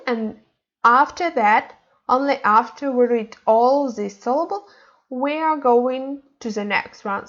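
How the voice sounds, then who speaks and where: A woman's voice: a little high, slow, highs cut off. A woman teaching a beginner lesson, explaining step by step with many fillers and restarts. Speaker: language teacher.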